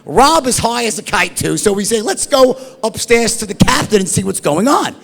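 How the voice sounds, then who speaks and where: A middle-aged man telling a wild story in an animated, profane, rambling way, tossing in "right?" and "like" all the time. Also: high voice, normal speed, creaky. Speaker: storyteller guest. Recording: long hall reverb.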